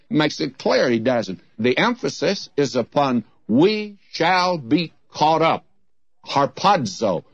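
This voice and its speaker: A man's voice: fairly high pitch, no echo. Folksy preacher guy, voice swoops up and down a lot, dry kinda dull lo-fi recording. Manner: folksy, anecdotal and emphatic. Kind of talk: radio Bible teaching.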